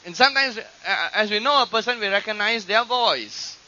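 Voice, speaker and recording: A man preaching a sermon, teaching from scripture and acting out quoted voices with animated emphasis. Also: high voice, moderate pace. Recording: dull lo-fi archive recording.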